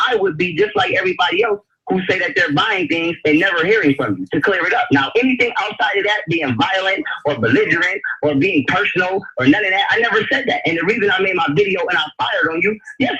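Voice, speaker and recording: Fast-talking angry caller, high and swinging, pressing his point; muffled line, loud crowd behind. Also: big pitch swings. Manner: confrontational, repeats questions, curses. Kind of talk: heated call-in argument. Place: phone call into a live online radio show.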